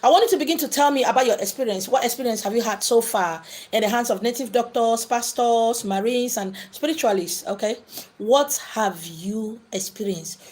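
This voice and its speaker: Indoors on a spiritual livestream, a woman answers viewer questions in an emphatic, preachy way, repeating lines to stress her points. Her voice is fairly high and darkish in tone, at a normal speed.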